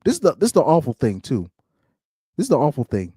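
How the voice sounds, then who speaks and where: A man's voice: fairly high pitch, huge pitch swings, quick pace, warm tone, slightly rough, no room sound, studio quality. A man giving blunt, ranting reaction commentary, laughing often between points. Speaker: commentary streamer.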